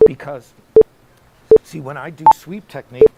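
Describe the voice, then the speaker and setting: Rambling middle-aged guitar teacher. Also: male voice, fairly high pitch, moderate pace, vocal fry, lo-fi sound, heavy background noise. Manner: rambling, anecdotal, full of asides. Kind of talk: casual one-on-one lesson talk. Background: loud electric guitar playing.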